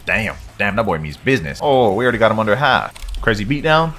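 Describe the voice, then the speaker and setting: Soft music plays behind a man with a lowish, quick voice as he does slang-heavy let's-play commentary. The gaming YouTuber is excitable and keeps hyping himself up.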